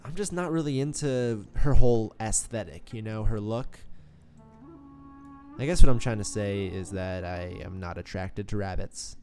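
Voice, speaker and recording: A man's voice: on the low side, moderate pace, warm tone, faint music behind. A man hosting a let's play, chatting casually through his gameplay in a playful, joking way that swings into mock melodrama.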